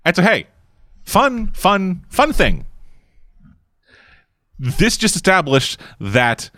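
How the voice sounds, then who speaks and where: A man's voice: high voice, big pitch swings, takes it slowly, pushed and bright, no echo. A man giving casual watch-along commentary on a film, rambling with many filler words. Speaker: co-host reacting to a film.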